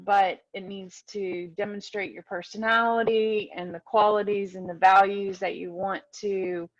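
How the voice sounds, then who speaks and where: A woman's voice: medium pitch, fairly even intonation, measured pace. A woman talks casually as host of an online session, heard over a video call. Her voice comes through a little dull and lo-fi. She rambles and restarts herself as she goes. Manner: chatty, loses track and restarts. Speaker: webinar host.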